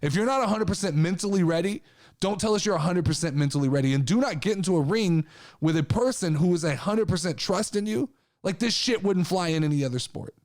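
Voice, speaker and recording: Podcast host, male, high voice, angry profane rant, hammering rhetorical questions. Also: expressive, quick pace, a little mellow. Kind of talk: opinion rant.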